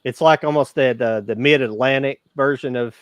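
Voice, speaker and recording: A man's voice: medium pitch, steady tone, normal speed, clear, resonant tone, no room sound. Blunt man with a country Kentucky accent. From rural Kentucky. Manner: opinionated, blunt. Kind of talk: casual movie chat.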